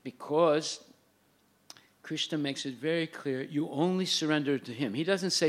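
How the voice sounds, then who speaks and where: A man's voice: a little high, expressive, unhurried, a bit bright. Older man giving a chanting spiritual lecture. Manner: recites Sanskrit verses in a chanting lilt between plain explanation. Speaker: spiritual teacher. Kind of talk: religious lecture.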